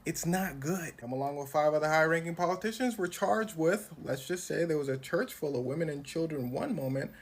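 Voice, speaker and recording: A man's voice: on the high side, lively intonation, brisk, hardly any pauses. A man giving a punchy, sly comic monologue in a played clip. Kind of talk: stand-up style comic monologue.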